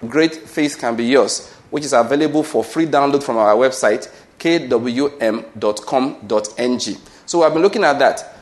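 This is a man delivering a sermon in a mid-range voice. He teaches with emphasis, repeats his key phrases and often checks whether his listeners understand. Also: mid-range voice. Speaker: pastor.

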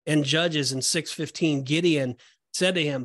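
A man's voice: fairly high pitch, measured pace, fairly bright tone, dry recording, clean studio sound. Man explaining scripture on a podcast. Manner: explanatory, repeats and restarts phrases, reads verses aloud. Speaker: podcast co-host. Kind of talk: casual Bible study discussion.

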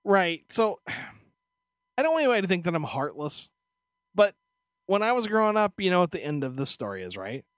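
Animated, profane man telling stories. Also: high voice, normal speed, pauses often, no room sound, studio quality. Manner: profane, animated storytelling with voiced asides. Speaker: podcast co-host. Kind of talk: casual chat.

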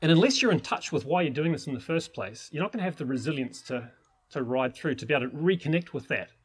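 A man's voice: a little high, lively intonation, quick pace, slightly rough. Enthusiastic rambling man teaching. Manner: enthusiastic, rambling with many restarts. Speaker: permaculture teacher. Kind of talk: informal teaching talk.

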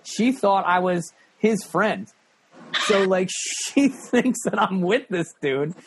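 A man casually telling an animated, profane story, laughing often and acting out the people in it. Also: high voice, slow, a little hiss or hum.

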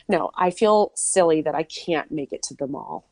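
A woman's voice: sits low, animated, moderate pace. A woman host from Minnesota chatting casually, telling a story with lots of asides and "like". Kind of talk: casual chat.

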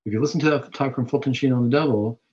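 A man's voice: medium pitch, rapid-fire, a little mellow. A man hosting a Catholic talk show, giving a preaching-style reflection on scripture with rhetorical questions. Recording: dull lo-fi recording.

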